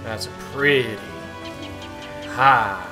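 A man hosting a gaming channel, giving excitable let's-play commentary, swearing and talking back to the game. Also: mid-range voice, extremely slow. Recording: voice over loud game music.

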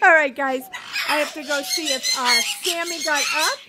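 High-voiced woman cooing over squawking birds. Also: moderate pace. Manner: cooing baby talk to her birds. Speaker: pet owner vlogger. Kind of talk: casual vlog tour talking to pets. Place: indoor bird room at home. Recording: loud bird squawks and noise behind. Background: birds chirping and squawking.

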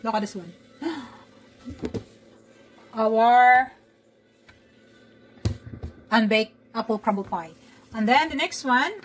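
A mother with a high, bright-sitting voice talks her daughter through each baking step, coaxing and chatty. Faint kitchen ambience hums behind her. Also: slight background noise, poor audio. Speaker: home cook and mother. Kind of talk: casual cooking vlog.

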